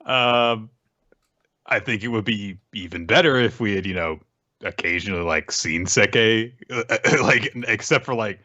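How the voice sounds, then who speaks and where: A man with a very low but bright voice, chatting easily on a manga podcast. He talks in a relaxed, hesitant way with lots of fillers. The sound is dry and a bit dull. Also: unhurried, dry recording. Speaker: podcast co-host. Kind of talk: casual manga recap chat.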